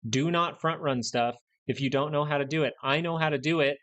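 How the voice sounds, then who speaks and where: A man's voice: fairly high pitch, fairly quick, hardly any pauses, fairly bright tone, dull audio. A young man hosting a live stock market stream, ranting bluntly and repeating points for emphasis. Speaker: stock market livestream host.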